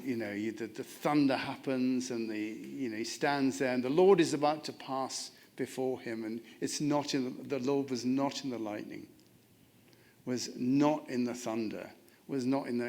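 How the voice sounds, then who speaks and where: A man at mid pitch leads a chapel discussion. He speaks earnestly and reflectively, circling back with frequent restarts and "you know." His voice sounds ordinary and steady. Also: a little slow, gravelly. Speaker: presenter leading a chapel discussion. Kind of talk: reflective spiritual talk with congregation.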